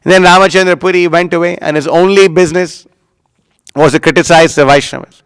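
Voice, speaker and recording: In a religious class talk, a man chants Sanskrit verses, then explains them with storytelling, emphatically acting out quoted lines. His fairly high-pitched voice is clear and resonant, with a steady tone at a fairly quick pace. The recording is rough, with no room sound.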